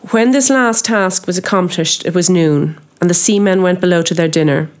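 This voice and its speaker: Woman narrating an audiobook, measured. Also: on the low side. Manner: measured, expressive reading of ornate old prose. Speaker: audiobook reader.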